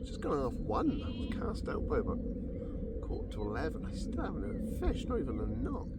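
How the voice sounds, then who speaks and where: A man's voice: medium pitch, huge pitch swings, fairly quick. A man vlogging outdoors at a lake, rambling casually between jokes and fishing talk. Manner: rambling, joke-telling, chatty. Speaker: angling vlogger. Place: lakeside, outdoors. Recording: outdoor recording with clear background noise.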